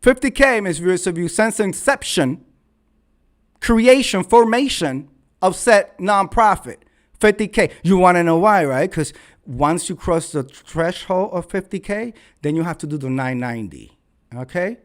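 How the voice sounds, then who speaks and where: A vlog host rails angrily and profanely into a red microphone, repeating phrases to make his point land. He sounds high-voiced and animated, yet unhurried.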